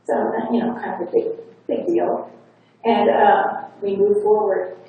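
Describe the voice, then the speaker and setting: A woman's voice: medium pitch, flat delivery, measured pace, phone-quality sound. Chatty woman speaker in an echoey hall. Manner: chatty, retells a client's session with many "like"s. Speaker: hypnotherapist speaker. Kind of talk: conference talk, storytelling. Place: conference hall. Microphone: faulty wireless lapel mic. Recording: echoey hall, distant mic, faint hiss.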